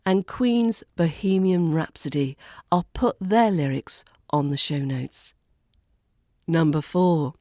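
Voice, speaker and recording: An English woman with an RP accent coaches pronunciation at an unhurried pace. Her voice is mellow and slightly low, and she models each phrase clearly and deliberately. The recording is dry and close. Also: dry recording. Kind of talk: accent lesson with example phrases.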